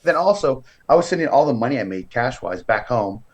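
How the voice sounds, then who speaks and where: A man's voice: medium pitch, a little fast, lo-fi sound, slight background noise. A man from California, a professional wrestler, telling his story as a guest in a casual interview and acting out the voices of the people in it. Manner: lively storyteller who acts out other people's voices.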